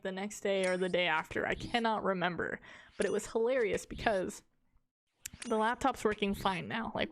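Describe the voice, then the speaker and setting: A woman's voice: mid-range voice, slight background noise. A woman streamer telling a long story in casual chat, rambling with lots of fillers, laughing often and swearing casually.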